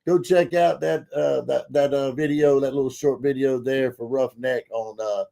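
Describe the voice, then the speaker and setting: A man hosting a podcast in casual, folksy chat, full of fillers and bursts of excitement. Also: mid-range voice, normal speed, gravelly. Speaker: podcast host.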